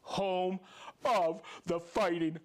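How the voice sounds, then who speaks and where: Reading viewer shout-outs on his livestream, this male host cheers upbeat and throws in chatty side comments as he names people and where they're from. His high voice holds a steady tone, and his pace is very slow.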